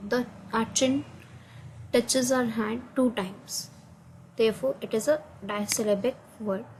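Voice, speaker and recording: A woman with an Indian English accent walks through assignment answers, hesitant and filling pauses with "uh". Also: a little high, steady tone, a little mellow, slight background noise, poor audio. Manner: hesitant, many uh fillers, non-native grammar. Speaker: student explaining assignment answers. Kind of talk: screen-recorded answer walkthrough.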